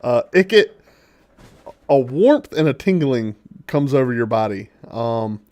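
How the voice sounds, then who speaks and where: A man's voice: mid-range voice, animated, a little slow, a little mellow, no room sound. A man narrating as dungeon master, rambling through descriptions with many fillers and chuckles. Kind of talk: narrating a tabletop game.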